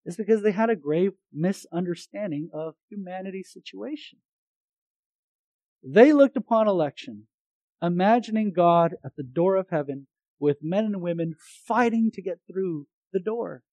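A man preaching a sermon to a congregation, swinging between loud emphatic lines and hushed earnest ones, with light jokes between points. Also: sits high, expressive, moderate pace, no room sound, poor audio.

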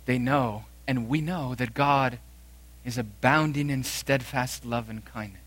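Forceful, emphatic male preacher. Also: unhurried. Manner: dramatic swings from loud emphatic declarations to quiet low phrases. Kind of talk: sermon.

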